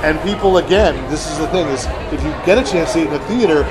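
A man's voice: on the high side, fast, over loud music, a loud crowd, low-quality recording. A man hosting a podcast, talking in a chatty, joking way with lots of fillers. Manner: chatty, jokey, filler-heavy. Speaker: podcast host. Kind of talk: casual interview chat.

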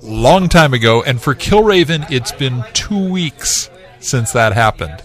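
A man on a podcast panel, talking about comic books in an eager, halting way. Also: mid-range voice, big pitch swings, fairly bright tone, soft background music. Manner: eager, halting, starts over. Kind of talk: casual comic book chat.

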